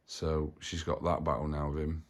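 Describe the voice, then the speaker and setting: A man's voice: rumbling low, completely flat delivery, moderate pace. A man hosting a family vlog, talking in a rambling, matter-of-fact way. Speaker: vlog host, parent. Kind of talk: casual chat to camera.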